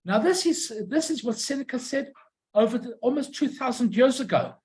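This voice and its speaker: A presenter giving an informal illustrated talk on old stamps and postcards, pausing often, restarting phrases and correcting themselves. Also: sits high, expressive, darkish tone, poor audio. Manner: halting, many restarts and self-corrections.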